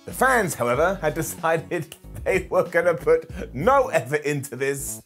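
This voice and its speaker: Lively sarcastic man reviewing wrestling. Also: on the high side, measured pace, faint music behind. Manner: animated, sarcastic, laughs at own jokes. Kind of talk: comedic retro review commentary.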